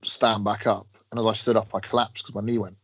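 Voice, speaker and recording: A man telling animated stories in casual banter, acting out other people's voices as a podcast co-host. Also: fairly low pitch, a little fast, breathy edge, no room sound. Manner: animated storyteller, acts out others. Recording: dry, dull lo-fi sound.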